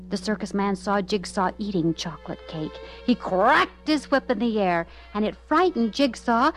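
A woman narrating a children's story aloud in an expressive, lively way. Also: medium pitch.

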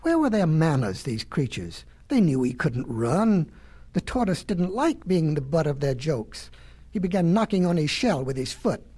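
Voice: mid-range voice, big pitch swings, normal speed, mellow, slightly rough. A storyteller reading a children's animal tale in a folksy way, with chatty asides to the listener.

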